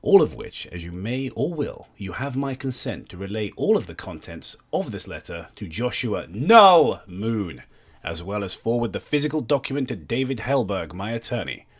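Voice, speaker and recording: A man's voice: lowish voice, very animated, moderate pace, breathy edge. A man reading a letter aloud in a put-on pompous, overly formal voice. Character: pompous rambling jailed letter writer, adult.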